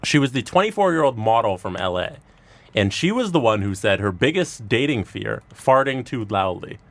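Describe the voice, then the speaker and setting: A man's voice: medium pitch, big pitch swings, moderate pace, no echo. A man co-hosting a podcast, chiming in with short, matter-of-fact remarks. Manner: brief interjections, matter-of-fact. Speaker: podcast co-host. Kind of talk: casual chat.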